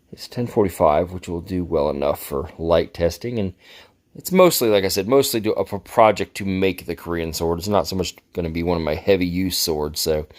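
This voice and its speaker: A man's voice: low-pitched, darkish tone. A man talking casually on camera as he shows off his swords, rambling and poking fun at himself. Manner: rambling, self-deprecating, chuckles at himself. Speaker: sword collector reviewing his gifts. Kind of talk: casual show-and-tell vlog.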